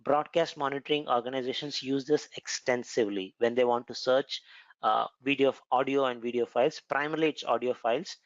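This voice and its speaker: A man's voice: mid-range voice, fairly even intonation, fairly quick, dry recording, lo-fi sound. Indian-accented man teaching a tech lesson. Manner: conversational, explanatory, frequent "uh" fillers. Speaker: cloud computing instructor. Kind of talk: recorded technical lesson with demo.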